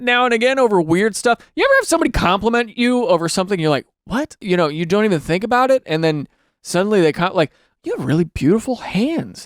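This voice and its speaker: Animated man, lively high voice. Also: dry recording, clean studio sound. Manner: animated, acts out quotes in exaggerated voices. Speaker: host. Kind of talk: casual comedic chat reacting to reader stories.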